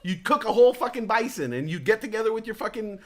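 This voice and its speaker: Excitable, profane man, a bit high. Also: fast talker. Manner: live stream talk. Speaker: talk show host. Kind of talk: casual chat.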